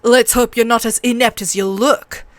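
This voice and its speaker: A woman voicing a cruel, mocking middle-aged male master-at-arms with a sharp, cold voice, in a book reading. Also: on the high side, fairly even intonation, normal speed, no room sound, close to an everyday voice. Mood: sneering.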